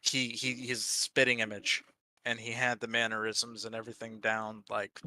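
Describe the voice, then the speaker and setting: Bright-voiced man chatting casually. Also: on the low side, little pitch movement, moderate pace, no room sound. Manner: rambling, many fillers, blanks on names. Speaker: co-host on a hobby stream. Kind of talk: casual chat.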